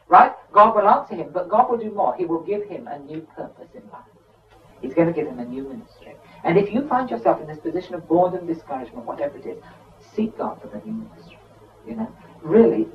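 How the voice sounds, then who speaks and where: Guy preaching a sermon, chatty and emphatic, sounds kinda muffled and far from the mic. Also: high voice. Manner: conversational, emphatic, frequent "you know" asides. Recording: dull sound from a distant mic.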